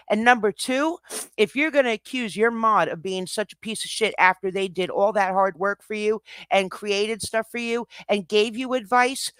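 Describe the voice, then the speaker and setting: A woman's voice: on the high side, fairly bright tone, no room sound, studio quality. A woman ranting angrily at her chat on a live stream, swearing constantly and lecturing. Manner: heated, profane, lecturing. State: angry.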